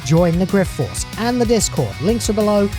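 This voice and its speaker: A woman's voice: medium pitch, sing-song, moderate pace, over music. A woman reviewing a TV episode, sarcastic and dismissive, rambling with lots of fillers. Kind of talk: opinionated episode review commentary.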